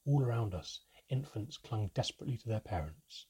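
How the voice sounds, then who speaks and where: A man reading a fantasy storybook aloud in first person, with a steady, measured delivery. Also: on the low side, breathy edge. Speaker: audiobook narrator.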